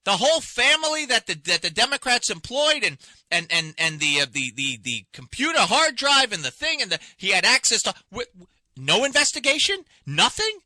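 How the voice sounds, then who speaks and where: A man's voice: very high-pitched, big pitch swings, normal speed, pushed and bright, dry recording. A man hosting a talk radio show, delivering an impassioned, indignant monologue full of rhetorical questions from a radio studio. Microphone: studio microphone.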